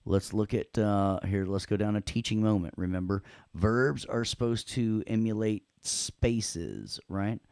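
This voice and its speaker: A man teaching audio production in a playful, joking way, walking through a software demo. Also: lowish voice, expressive, measured pace, gravelly, hardly any pauses, clear, resonant tone, no room sound. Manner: playful, joking, repeats "check it out". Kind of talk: live software demo lecture.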